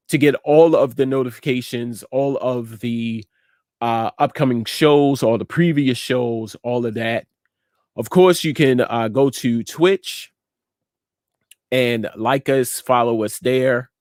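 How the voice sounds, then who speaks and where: Slow, emphatic man encouraging viewers. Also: medium pitch, no echo, studio quality. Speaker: host and inspirational speaker. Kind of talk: encouraging message and show sign-off. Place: TV studio.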